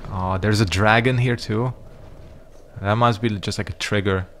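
Low-voiced man swearing through gameplay. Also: fairly even intonation, a little slow, a bit bright, a little hiss or hum. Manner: rambling, profane, reactive. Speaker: gaming YouTuber. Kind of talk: casual let's-play commentary.

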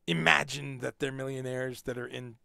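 A man's voice: medium pitch, steady tone, normal speed, gravelly, sharp tone, no room sound, studio quality. A man hosting a casual livestream, rambling and repeating words as he talks, now and then swearing. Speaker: livestream host.

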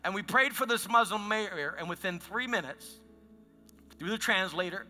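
A man's voice: high voice, lively intonation, moderate pace, sharp tone, long reverb tail, soft background music. A man preaching a sermon as pastor, telling stories in a conversational way with frequent restarts. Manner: conversational storytelling with many restarts. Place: church sanctuary.

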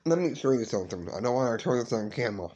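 A man hosting his own paranormal vlog, talking haltingly and emotionally, often repeating and restarting his words. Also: mid-range voice, expressive, darkish tone, dull audio. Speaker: vlog host.

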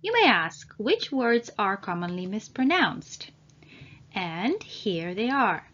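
A woman language trainer giving an English pronunciation lesson, saying each word slowly and spelling out its sounds. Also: medium pitch, sing-song, a bit bright, dull audio. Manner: slow, deliberate, spells out sounds.

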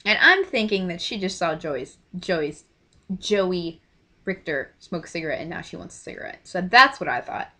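A young woman telling a story to camera in a casual, gushing way, often trailing off into quiet asides. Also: fairly low pitch, sing-song, moderate pace. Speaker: vlogger.

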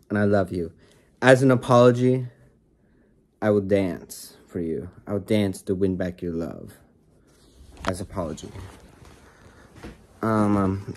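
A man's voice: deep voice, darkish tone. A man making a mock-serious apology vlog, with a hesitant, theatrical pleading manner. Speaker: vlogger.

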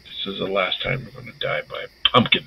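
Gravelly, swearing horror-game player. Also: male voice, low voice, flat delivery, fast, lo-fi sound, background noise. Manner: swearing, jumpy, talking to himself. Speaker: gaming YouTuber. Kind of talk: let's play commentary.

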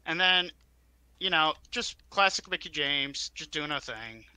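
A man's voice: a little high, lively intonation, unhurried, pushed and bright, clear, resonant tone, no room sound. A man co-hosting a casual comedy podcast, giving a loose, rambling wrestling recap. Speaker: podcast co-host.

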